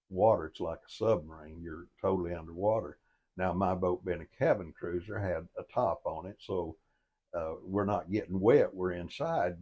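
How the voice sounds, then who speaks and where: Older man with a very low voice, folksy motivational storyteller, plain-spoken and earnest. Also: mellow, breathy edge. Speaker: storyteller and life coach.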